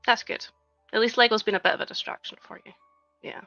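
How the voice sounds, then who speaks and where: A woman's voice: on the high side, fairly even intonation, fast talker, sharp tone, no room sound, dull audio, faint music behind. A woman in her thirties chatting casually on a live stream, reading viewers' messages aloud and talking with lots of "like". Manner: chatty, reads chat aloud, frequent "like". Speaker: livestreaming LEGO builder.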